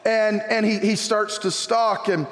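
A middle-aged man preaching a sermon and telling a personal story in an animated way, often repeating his words. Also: high voice, a little slow, long reverb tail. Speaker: pastor. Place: church sanctuary.

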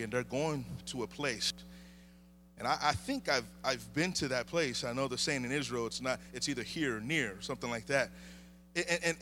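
A middle-aged male preacher giving an animated sermon, calling for amens and swinging between shouts and hushed asides. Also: medium pitch, slight background noise.

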